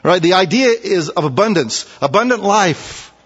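A man preaching a sermon, telling folksy stories and switching between quiet asides and loud, emphatic points. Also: high voice, lively intonation, moderate pace, slightly rough, long reverb tail, muffled recording. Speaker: pastor.

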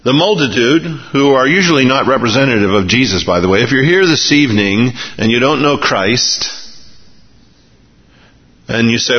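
A man preaching a sermon, sometimes acting out the people in his story in raised, animated voices. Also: medium pitch, moderate pace, husky. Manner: acts out biblical characters in lively raised voices. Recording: dull recording in a reverberant hall.

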